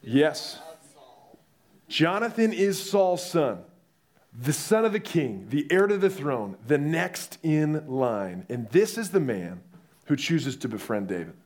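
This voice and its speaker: A young man preaching a sermon, telling the story in a lively way and acting out the voices. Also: fairly high pitch, takes it slowly.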